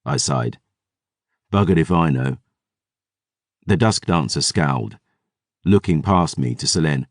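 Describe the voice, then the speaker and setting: A man narrating a dark fantasy audiobook in the first person, wry and gritty. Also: rumbling low, lively intonation, measured pace, no room sound, studio quality.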